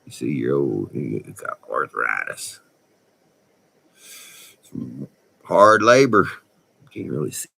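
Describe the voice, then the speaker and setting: Gravelly deep West Texas drawl man. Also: very animated, slow pace, long pauses, sharp tone, no room sound. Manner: folksy, slangy, laughs between remarks. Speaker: vlogger, former oil field worker. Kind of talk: casual storytelling.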